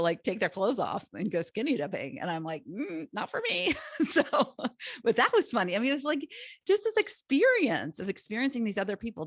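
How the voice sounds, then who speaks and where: A woman's voice: lowish voice, no echo, clean studio sound. A middle-aged woman from the United States, hosting a solo podcast in a rambling, chatty way, full of fillers and restarts. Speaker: podcast host. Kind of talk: casual solo podcast talk.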